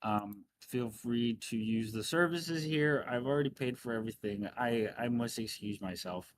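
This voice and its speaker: A man's voice: medium pitch, normal speed, slight background noise, close to an everyday voice. A man playing an older noble lady in a fantasy game, gushing, stammering, nostalgic. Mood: fond. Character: emotional tipsy older noblewoman.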